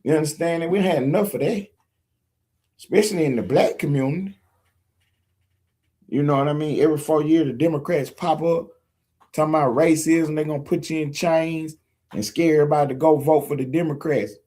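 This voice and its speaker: A man's voice: a little high, brisk, mellow. Emphatic man preaching to his viewers. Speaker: political commentator. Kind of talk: direct-to-camera opinion monologue. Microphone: streaming setup mic.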